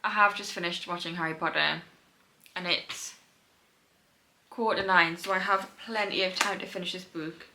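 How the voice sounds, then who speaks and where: Chatty young woman, bright voice. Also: lowish voice, steady tone, moderate pace, a little hiss or hum, rough recording. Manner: chatty, laughs often. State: tired. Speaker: book vlogger. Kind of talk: casual reading vlog. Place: home indoors.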